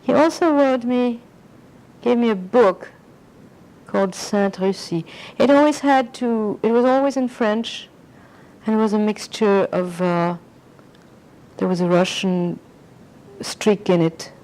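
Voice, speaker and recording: A woman's voice: medium pitch, measured pace, a little mellow, low-quality recording. An older woman being interviewed, reminiscing in a rambling way and slipping into French phrases. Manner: rambling, anecdotal, slips into French.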